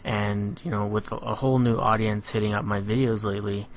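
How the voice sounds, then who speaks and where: A man giving a relaxed, analytical voice-over on his own competitive match, filling pauses with "you know". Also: fairly low pitch, slight background noise. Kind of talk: gameplay commentary voice-over.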